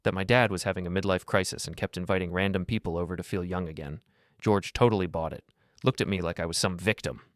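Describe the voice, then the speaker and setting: A man's voice: deep voice, fairly even intonation, fast, no room sound, clean studio sound, close to an everyday voice. Man reading as a scheming young woman. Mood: scornful. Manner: offhand and mocking.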